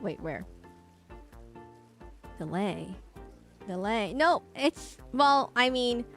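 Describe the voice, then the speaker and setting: A woman talking through a live game stream in a mid-pitched voice, rambling and playful, with little hummed tunes between thoughts. Faint game music runs softly behind her. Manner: chatty and rambling, with playful sing-song humming.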